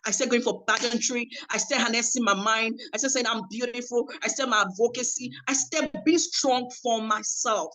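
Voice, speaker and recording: A woman's voice: on the high side, moderate pace, hardly any pauses, pushed and bright, rough recording. Emotive woman telling her story. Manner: emotive storytelling with reported dialogue. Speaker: conference speaker. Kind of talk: personal testimony talk.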